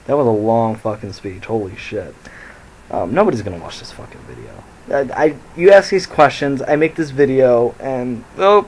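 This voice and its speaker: A man's voice: medium pitch, gravelly, darkish tone, slight background noise, rough recording. A young man telling a rambling, profane story into his phone and laughing at his own jokes. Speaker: vlogger. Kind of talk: casual storytelling to camera.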